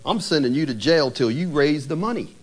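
A preacher doing a harsh, scornful servant. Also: male voice, fairly high pitch, animated, fairly quick. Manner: dismissive and blunt.

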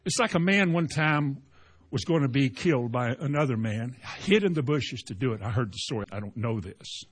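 A man preaching a sermon, firing rhetorical questions and swinging from slow loud emphasis to quiet asides. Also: mid-range voice, animated, slightly rough.

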